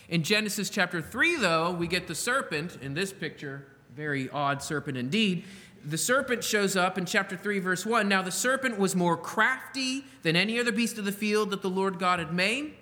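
A man preaching a sermon, slowing down to stress quoted words and asking the listeners rhetorical questions. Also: sits high, animated, bright, forceful tone, big-room sound. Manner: slow, emphatic delivery with rhetorical questions. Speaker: pastor.

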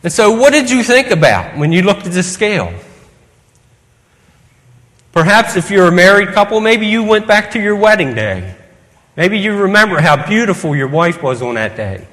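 High-voiced preacher in a reverberant hall. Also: male voice, big pitch swings, normal speed, fairly bright tone. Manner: earnest, asks the congregation many questions. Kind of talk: evening sermon.

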